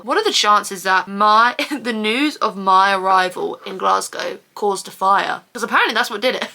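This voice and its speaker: A woman's voice: mid-range voice, pushed and bright. Sweary, rambling young woman. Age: 20s. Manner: rambling, sweary, self-mocking. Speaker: vlogger. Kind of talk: casual chatty vlog. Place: at home doing skincare.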